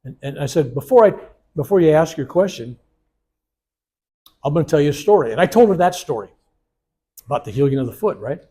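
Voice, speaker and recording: A man's voice: fairly high pitch, fairly quick, pauses often, breathy edge. A man in his seventies, a reverend leading a healing workshop, telling stories with animation and acting out the voices he quotes. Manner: animated storyteller who acts out the voices he quotes. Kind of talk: storytelling workshop talk. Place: workshop room.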